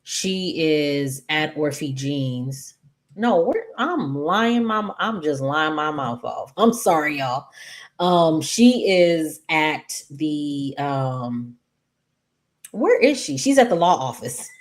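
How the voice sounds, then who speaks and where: Sassy low-voiced woman recapping soaps. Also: takes it slowly. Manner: chatty, animated, sassy asides to viewers. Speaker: soap opera recap host. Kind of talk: casual episode recap.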